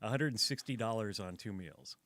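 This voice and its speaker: A man's voice: lowish voice, normal speed, fairly bright tone, dry recording. A man who voices commercials, bantering and telling stories on a morning radio show at a studio mic. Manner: teasing, storytelling, laughs often. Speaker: radio station staffer, voice-over announcer.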